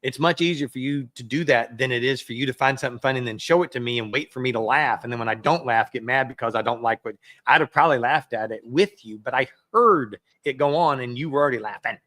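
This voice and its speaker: A man's voice: medium pitch, fast, few pauses, pushed and bright, no room sound. A man preaching a sermon as a pastor, in a conversational way that acts out everyday excuses.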